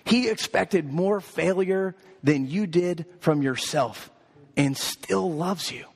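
A man's voice: high voice, slow, creaky, husky. A man preaching a sermon as pastor, building emphatic, repeated lines in a rhythmic cadence. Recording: echoey hall.

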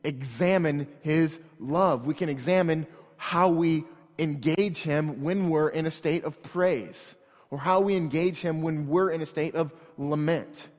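A male pastor preaching to a congregation in an earnest, conversational way, often restarting phrases and moving between quiet asides and raised, emphatic passages. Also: a little high. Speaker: church plant pastor. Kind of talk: sermon. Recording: long hall reverb.

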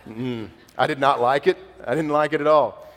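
A middle-aged man preaching a sermon in a relaxed, conversational way and telling stories. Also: medium pitch, normal speed. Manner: conversational, animated storytelling with laughs. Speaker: pastor. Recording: long reverb in a large hall.

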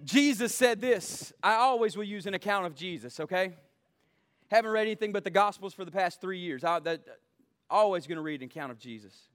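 A male pastor preaching a sermon with fervent energy, swinging between shouted scripture and laughing asides. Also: high voice, lively intonation, a little fast.

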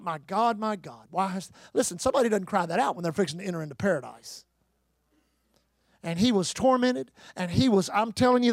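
A man's voice: extremely high pitch, dry recording, studio quality. A middle-aged man, preaching a sermon with emphatic rises, repeated phrases and calls to the congregation. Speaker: pastor.

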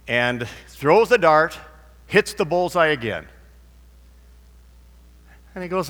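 Male preacher, rambling anecdotal sermon, bright voice, long hall reverb. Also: fairly high pitch, lively intonation, slow pace. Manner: rambling, anecdotal, with fillers and restarts. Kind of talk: sermon with a told joke.

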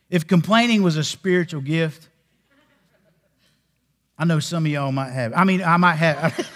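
A man preaching a sermon, telling stories with jokes and acting out the voices of the people in them. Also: on the high side. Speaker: pastor. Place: church sanctuary. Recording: long reverb of a church hall.

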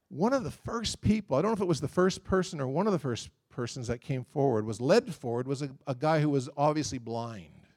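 A middle-aged man preaching a sermon, telling a story in a lively way and voicing the people in it. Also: a little high. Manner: storytelling, animated, quotes others.

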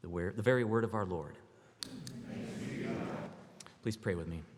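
A man reading scripture aloud in an earnest, measured way, then leading a halting prayer. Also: deep voice, husky, in a large hall. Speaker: scripture reader and prayer leader.

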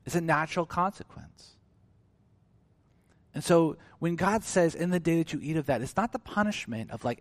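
A man preaching a sermon in an animated way, acting out quoted voices with big swings in pitch and loudness. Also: moderate pace, dry recording. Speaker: pastor.

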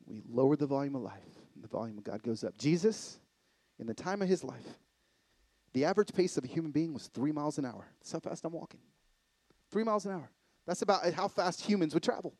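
A middle-aged man giving a sermon-style talk from a live event stage, swinging from excited loud bursts to hushed, intimate lows. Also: fairly quick, no echo. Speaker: conference speaker.

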